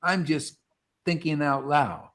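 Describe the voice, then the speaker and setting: A man giving an impassioned devotional talk to an online group, preachy and fervent, swinging between soft asides and loud exclamations. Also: fairly high pitch, slow. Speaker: spiritual teacher leading an online satsang. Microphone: video call.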